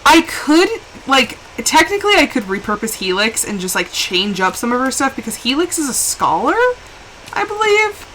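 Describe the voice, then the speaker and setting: Young woman, lively game streamer, higher voice, chatty and expressive. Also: moderate pace, a little hiss or hum, poor audio. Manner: chatty and animated, with laughs and exclamations. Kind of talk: casual live-stream chat while gaming.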